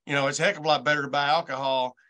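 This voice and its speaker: Bright-voiced man in his sixties. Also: a little high, fairly even intonation, racing. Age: 60s. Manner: folksy, rambling, stammers when framing questions. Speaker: host. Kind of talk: casual sports chat.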